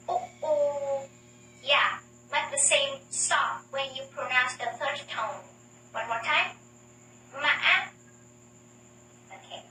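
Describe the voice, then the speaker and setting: A woman teacher with a Vietnamese accent, slowly and carefully explaining and drilling the tones of her language in a scripted lesson. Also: sits high, bright, forceful tone, a little hiss or hum. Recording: echoey room, voice from far off.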